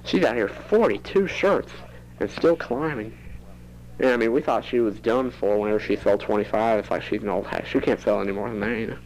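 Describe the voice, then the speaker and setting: A man's voice: fairly low pitch, fairly even intonation, brisk, darkish tone, a little hiss or hum, rough recording. A teenage boy rambling into a home cassette recorder for his audio diary, chatty and prone to giggling. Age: teens. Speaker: student keeping a tape diary.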